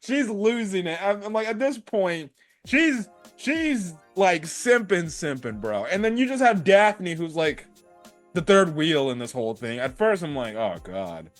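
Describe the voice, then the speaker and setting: A young man giving a casual, excitable anime review, laughing and using slang as he retells scenes. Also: sits high, unhurried, soft background music.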